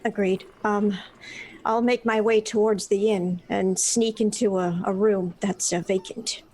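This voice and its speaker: A woman's voice: medium pitch, fairly even intonation, a little slow, darkish tone, poor audio. A woman playing a tabletop game, speaking hesitantly with many stammers. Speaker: player.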